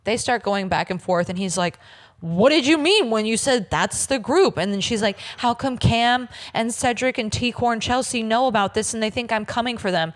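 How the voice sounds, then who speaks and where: A woman's voice: a little high, normal speed. A woman co-hosting a casual podcast, retelling events and mimicking people in dramatic voices. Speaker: podcast co-host. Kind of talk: casual chat recapping a reality show.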